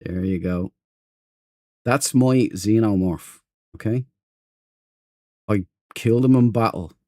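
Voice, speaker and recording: A man's voice: on the low side, takes it slowly, dark tone, no room sound, studio quality. Guy streaming a space game, chatty and joking at himself, reading out chat names. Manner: chatty, self-mocking, greets chat by name. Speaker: gaming livestream host. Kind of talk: casual live stream chat.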